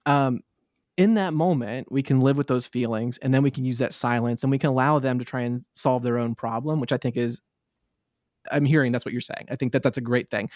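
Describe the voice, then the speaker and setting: Measured man, dry close sound. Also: medium pitch, darkish tone, dry recording. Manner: measured, probing, agreeable. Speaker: child therapist. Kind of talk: debate talk.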